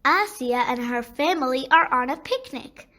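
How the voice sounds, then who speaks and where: A woman narrating a children's storybook in a gentle, deliberate way. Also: high-pitched, animated.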